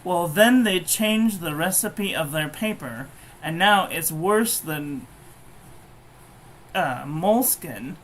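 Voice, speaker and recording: A woman's voice: fairly low pitch, lively intonation, takes it slowly, poor audio. A woman giving a casual, blunt and frankly profane review of pens and paper. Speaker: stationery reviewer.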